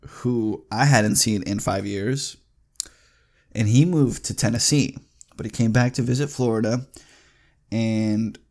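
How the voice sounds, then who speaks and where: Young male vlogger, gravelly fry, swearing through a heated rant with sudden loud jumps. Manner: profane, heated ranting that swings loud and high. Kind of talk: casual storytelling rant.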